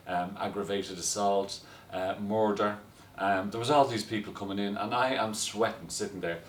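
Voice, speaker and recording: A man tells a story in a lively, chatty way, with a lowish voice. He sounds a little distant from the mic in a roomy, echoey space with faint background noise. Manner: lively storyteller, breaks into laughter. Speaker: guest telling stories. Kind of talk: casual anecdote.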